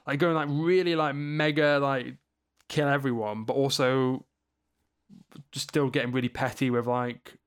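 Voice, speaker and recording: A man's voice: mid-range voice, fairly even intonation, a little slow, clean tone. A man in casual podcast chat, rambling through a film plot, laughing and acting out lines. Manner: rambling, laughs often, acts out lines in silly voices. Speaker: podcast co-host.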